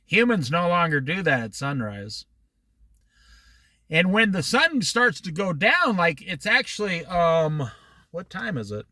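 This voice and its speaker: A bright, lively man leading a folksy Bible study. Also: sits high, measured pace, no echo, clean studio sound. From Iowa. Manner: folksy and rambling, wandering into side stories. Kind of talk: casual Bible study talk. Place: outdoors by the ocean near a dock at dusk.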